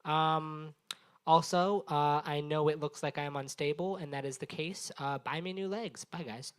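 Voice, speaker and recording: Speaking a little slowly in a clean, steady voice on the high side, this young man runs an open mic at a small bar. His set is rambling, profane crowd work, full of teasing aimed at the live audience watching the stage.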